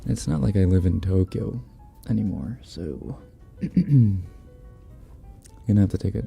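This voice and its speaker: A man hosting a livestream in a soft-spoken, laid-back way, reading chat messages and chuckling often. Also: deep voice, expressive, measured pace, vocal fry, breathy edge, soft background music. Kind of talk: casual live chat.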